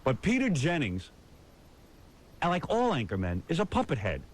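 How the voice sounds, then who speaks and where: A man's voice: on the high side, huge pitch swings, moderate pace, poor audio. A man hosting a radio talk show, brash and mocking in irreverent banter. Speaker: radio host.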